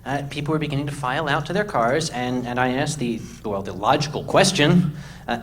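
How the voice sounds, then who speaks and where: A man telling a comic story to a live audience in an animated, exasperated and emphatic way. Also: medium pitch, a little fast, slight background noise.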